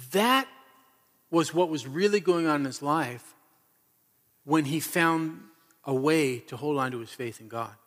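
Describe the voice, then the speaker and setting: A man's voice: fairly high pitch, fairly bright tone. A man preaching a sermon as pastor, telling the story with earnest, emphatic repetition. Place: church hall. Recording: reverberant hall.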